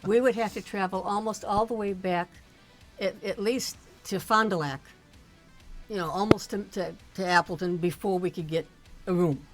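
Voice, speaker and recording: A woman's voice: medium pitch, steady tone, moderate pace, soft background music. An older woman, the host's mother, telling a long personal story in casual chat, with many restarts and small laughs. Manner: chatty, rambling, frequent restarts and laughs. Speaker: streamer's mother, guest.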